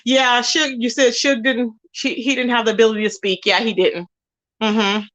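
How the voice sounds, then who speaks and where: Sassy high-voiced woman livestreamer. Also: normal speed. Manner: animated, sassy, addresses viewers as child and baby. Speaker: livestream host. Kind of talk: casual livestream commentary.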